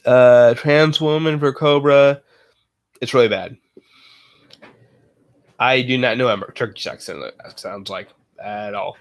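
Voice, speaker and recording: A man livestreaming, chatting casually with viewers in a halting way, full of fillers and self-corrections. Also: mid-range voice, fairly even intonation. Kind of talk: casual live chat.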